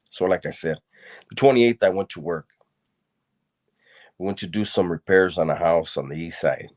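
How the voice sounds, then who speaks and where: A man's voice: low voice, moderate pace. A man telling a personal story from his past in a loose, casual way, full of street slang and repeated words.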